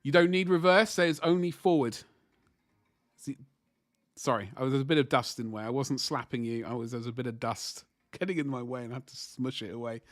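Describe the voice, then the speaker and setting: A man's voice: medium pitch, brisk, no room sound, clean studio sound. Chatty man streaming his painting. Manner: chatty, rambling, talks to chat while working. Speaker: livestream host painting miniatures. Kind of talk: casual livestream chat.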